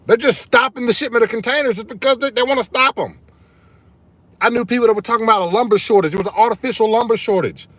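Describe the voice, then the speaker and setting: A man's voice: very high voice, quick pace, fairly bright tone, no echo. A man hosting his own live stream, talking casually and emphatically to his viewers, calling them y'all and repeating his points. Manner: fired-up, emphatic, repeats key phrases, addresses viewers as y'all. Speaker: channel host streaming live.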